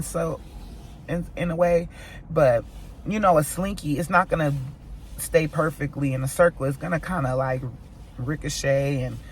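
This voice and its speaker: An American woman vlogging, telling a personal story to her viewers in an animated, emphatic way. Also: sits low, a little hiss or hum. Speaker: mom vlogger. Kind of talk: storytime vlog.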